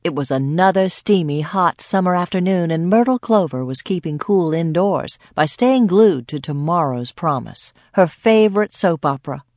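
A woman reading a mystery audiobook aloud with lively storytelling, on a close studio mic. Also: on the low side, dry recording. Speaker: audiobook narrator. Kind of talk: scripted narration.

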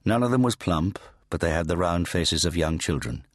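A man narrating an audiobook in a measured, grave storytelling manner, on a close studio mic. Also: sits low, lively intonation, dry recording. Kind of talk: scripted narration.

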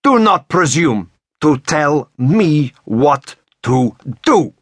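A man putting on a husky Russian dominatrix. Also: mid-range voice, sing-song, slow pace, fairly bright tone, no room sound, exaggerated voice. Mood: scolding. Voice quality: throaty, husky.

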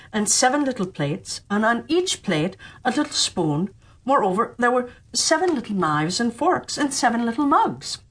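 A middle-aged woman narrating a children's fairy tale audiobook as a storyteller, expressive and acting out the voices. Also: medium pitch, breathy edge.

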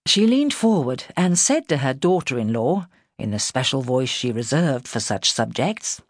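Female narrator, lively intonation, slightly husky, dead-dry booth; period fiction reading. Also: extremely low pitch, no echo. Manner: expressive, measured storytelling. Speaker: audiobook narrator. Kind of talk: scripted narration.

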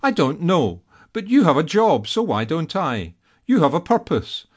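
A man's voice: a little high, sing-song, a little slow, pitched above the performer's own voice. A man playing Ledger, a haughty pompous tomcat. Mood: haughty, peevish. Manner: pompous, peevish. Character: sleek vain male black tomcat, haughty and dramatic.

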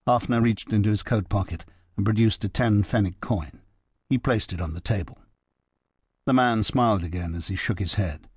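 Low, dry-voiced male narrator. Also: normal speed, darkish tone, husky, no echo. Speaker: audiobook narrator. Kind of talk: scripted narration.

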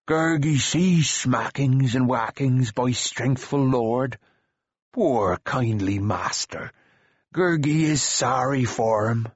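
A man voicing an anxious hairy creature from a storybook, wailing in broken speech. The voice rises high and drawn out, slightly husky. The sound is dull and dry. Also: takes it slowly, dry recording. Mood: excited wailing. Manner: broken wailing speech, talks of himself by name.

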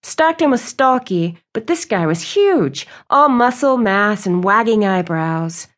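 A woman reading a romance novel aloud as an audiobook narrator. Her storytelling is smooth and even. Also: medium pitch, slow pace. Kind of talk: scripted narration.

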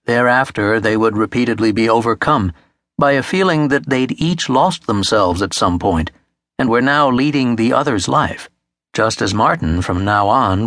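A man reading a literary novel aloud as an audiobook narrator, in a measured, steady manner on a close studio mic. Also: fairly low pitch, dry recording.

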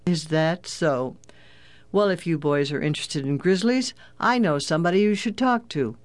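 A narrator voicing a friendly, talkative lodge owner who speaks in a chatty, easygoing way. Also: male voice, fairly high pitch, moderate pace, no echo, close to an everyday voice.

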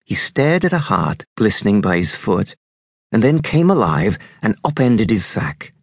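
A man narrating an audiobook in an unhurried, expressive storytelling manner. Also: on the low side, gravelly, slightly rough, dry recording, studio quality.

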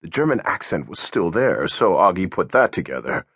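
A male audiobook narrator reads a novel in steady scripted narration. His voice is husky and moves up and down a lot as he tells the story. He sits close to the mic in a dry, quiet studio. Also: low voice, normal speed, hardly any pauses, no room sound.

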